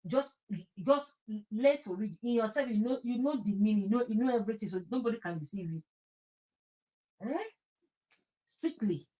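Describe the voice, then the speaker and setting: A Nigerian woman hosting her own show, talking in a loose casual monologue. She stammers and rushes, repeats words as she goes, and slips into Pidgin. Her voice sits a little high. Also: mellow. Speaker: host.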